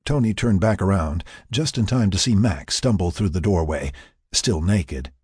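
A low-pitched man reads a story aloud with lively, swinging intonation. His tone is very husky and breathy, recorded close in a dry space. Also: normal speed, dry recording. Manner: expressive, storytelling. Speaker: narrator. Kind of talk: audiobook narration.

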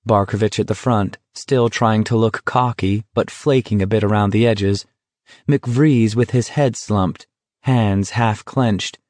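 A man reading an audiobook in steady, measured scripted narration. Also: on the low side, no echo.

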